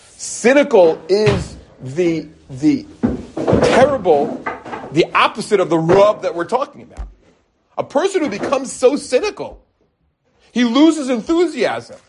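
A man in his forties, a rabbi giving a lively Torah talk, animated and mixing in Hebrew terms. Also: high voice, slight background noise. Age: 40s. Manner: animated, acts out quotes, mixes in Hebrew terms.

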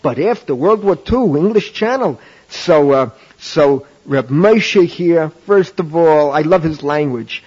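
Husky high-voiced man lecturing on a lo-fi tape. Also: takes it slowly. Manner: animated, jokey storyteller mixing in Yiddish and Hebrew. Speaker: rabbi teaching a class. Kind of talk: lecture on rabbinic law.

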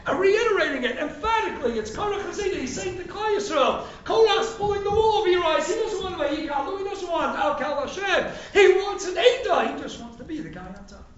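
Man, rabbi, emphatic sermon, very high voice, distant mic, dull lo-fi sound. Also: a little fast, few pauses. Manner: animated, emphatic preaching, rising to near shouts. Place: synagogue hall. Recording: echoey hall from far off, dull sound.

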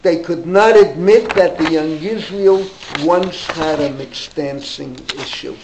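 Gravelly older New man rambling. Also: on the high side, slow. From New York. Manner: digressive, many fillers and restarts. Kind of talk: rambling anecdotal storytelling. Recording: roomy echo, faint background noise.

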